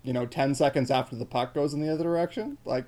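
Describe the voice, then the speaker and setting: A man in casual podcast chat about hockey, animated and joking, with exaggerated comparisons. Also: medium pitch, fast talker.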